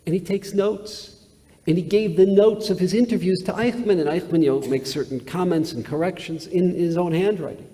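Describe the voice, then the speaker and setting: A man's voice: high voice, normal speed, warm tone. Occupation: rabbi. Sex: man. Style: sermon. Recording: hall reverb. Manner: emphatic storyteller with repetitions and dramatic swings in volume. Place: large synagogue sanctuary. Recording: reverberant hall, live webcast.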